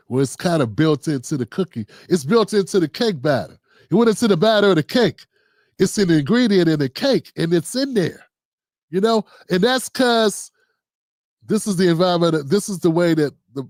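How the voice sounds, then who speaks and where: A man's voice: a little high, lively intonation, moderate pace, darkish tone, no echo. A man from Maryland hosting a livestream, talking casually and often asking "you know what I'm saying". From Maryland, USA. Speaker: livestream host. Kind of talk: casual monologue.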